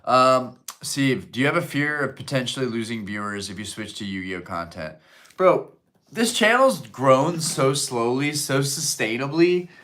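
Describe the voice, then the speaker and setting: A young adult man hosting a live stream, chatting casually and profanely while reading chat out loud. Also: mid-range voice, lively intonation, unhurried.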